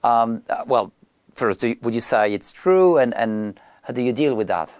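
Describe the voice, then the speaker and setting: A man from France who speaks English, hosting the interview and asking questions in a halting way, searching for words. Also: medium pitch, lively intonation, darkish tone, smooth, no room sound. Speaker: interview host.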